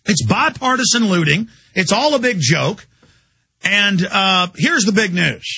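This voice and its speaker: A man rants through his radio monologue, firing off rhetorical questions without letup. His voice sits high and sharp with a husky rasp. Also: animated. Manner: rapid, heated and insistent, with rhetorical questions. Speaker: radio talk show host. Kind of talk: impassioned political monologue.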